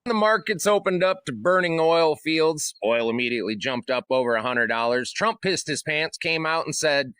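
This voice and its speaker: A man's voice: a little high, expressive, moderate pace, hardly any pauses, fairly bright tone, clean tone, dry recording. A man hosting a show, ranting about politics in a heated, profane way and acting out the people he quotes. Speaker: host. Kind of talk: political rant.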